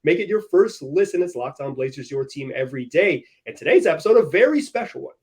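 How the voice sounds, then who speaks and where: A man's voice: fairly high pitch, fast. A young man hosting a sports podcast, telling stories energetically and laughing as he goes. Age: young adult. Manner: energetic, animated, laughing storyteller. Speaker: podcast host. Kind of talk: casual sports podcast chat.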